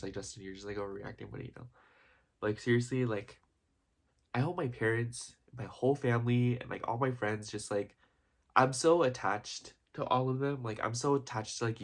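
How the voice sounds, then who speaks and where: A man's voice: mid-range voice, fairly quick. A young man talking in a casual, heartfelt vlog, rambling with constant "like" and "you know" and openly emotional and gushing. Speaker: vlogger.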